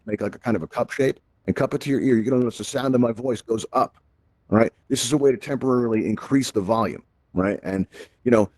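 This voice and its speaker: Fast-talking low-voiced man hosting. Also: darkish tone, dry recording. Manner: chatty, keeps tagging lines with "right?". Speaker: host and presenter of a VR help event. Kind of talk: casual spoken tutorial. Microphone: VR headset microphone.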